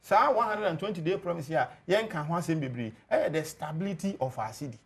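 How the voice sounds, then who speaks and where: A man's voice: on the high side, lively intonation, fast. A man with a Ghanaian accent, a TV panelist defending a government record point by point. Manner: lays out points one by one, assured. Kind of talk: political debate on TV, mixing Twi and English.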